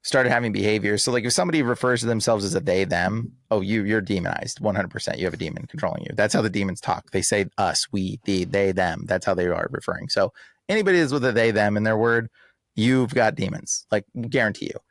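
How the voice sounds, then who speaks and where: A man talking in a casual podcast interview, emphatic and animated, full of slang like "bro" and "like". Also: lowish voice, quick pace, no room sound, clean studio sound. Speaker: exorcist guest.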